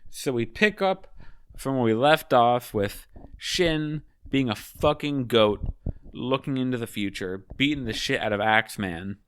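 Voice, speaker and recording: A man giving casual, rambling commentary on manga chapters, swearing freely and sounding high. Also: a little slow, fairly bright tone, smooth, no room sound. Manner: profane, rambling, offhand.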